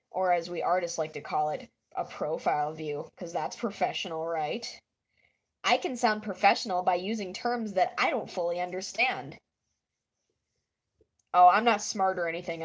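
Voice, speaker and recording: With a lowish, somewhat breathy voice and a stuffy nose, a woman draws on a live stream while talking easily with viewers, giggly and self-mocking throughout.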